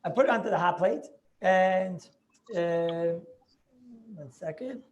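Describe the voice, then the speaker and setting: A man's voice: high voice, takes it slowly, a little mellow. A man making a Talmudic argument in an online Torah class over a video call. He talks eagerly, restarts his sentences and keeps checking with "right?".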